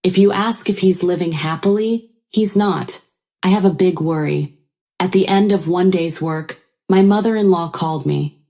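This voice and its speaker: Low, mellow woman narrating a story. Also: moderate pace. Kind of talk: scripted first-person story narration.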